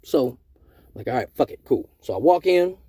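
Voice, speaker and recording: A man's voice: medium pitch, animated, normal speed, mellow, breathy edge, no echo. A young man telling a profane story casually, acting out other people's voices along the way.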